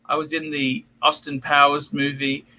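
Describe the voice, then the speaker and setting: A man's voice: fairly high pitch, monotone, normal speed, bright, forceful tone, low-quality recording. A middle-aged man hosting a livestream while drunk, rambling, swearing and getting emotional. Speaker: livestream host.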